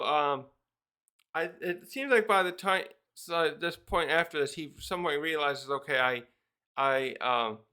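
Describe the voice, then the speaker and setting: His voice sits on the high side, pushed and bright, as he rambles through a casual review of a manga chapter. Now and then he jumps into quick put-on voices to act out the characters' lines.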